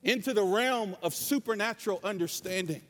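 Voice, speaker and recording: A man's voice: high-pitched, brisk, in a large hall. A man from North Carolina preaching a passionate sermon with a Southern accent.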